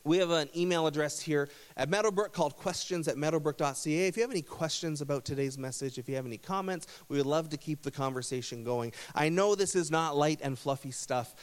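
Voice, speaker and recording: A man's voice: on the high side, fast, hardly any pauses. A man preaching a sermon as pastor, conversational, telling a story with small self-corrections.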